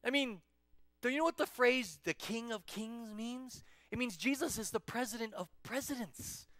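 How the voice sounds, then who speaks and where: A man teaching a children's church lesson in a playful, animated storytelling manner. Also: extremely high pitch, moderate pace, no echo. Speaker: children's pastor.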